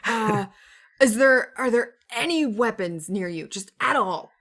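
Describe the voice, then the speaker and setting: A woman's voice: fairly high pitch, expressive, a little slow, fairly bright tone. A woman playing a tabletop game, talking in an urgent, stammering way. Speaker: player. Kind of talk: casual tabletop play.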